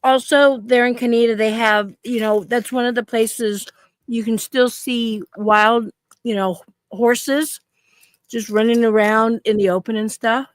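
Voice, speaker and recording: With no room sound around her, a fifty-something stream co-host chats casually at a measured pace, her fairly high voice holding a steady tone. She drifts through rambling anecdotes and laughs a lot.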